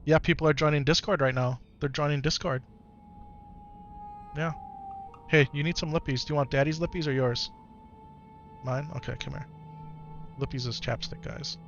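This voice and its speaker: A man streaming live who talks softly and coaxingly with his young son, then reads and answers his chat in casual talk. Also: a little high, fairly even intonation, normal speed, long pauses, dull audio. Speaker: streamer and father. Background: game music.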